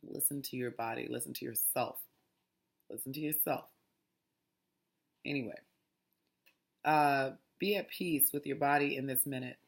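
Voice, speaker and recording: Gravelly woman chatting through a mindfulness talk. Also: rumbling low, measured pace, pauses often. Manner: chatty and digressive, restarts while reading. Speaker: host. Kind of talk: casual mindfulness talk, reading aloud.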